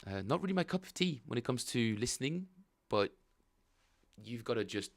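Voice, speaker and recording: A man chatting casually with viewers while streaming his bass practice, rambling and thinking aloud. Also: big pitch swings, normal speed, no room sound. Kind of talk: casual livestream chat.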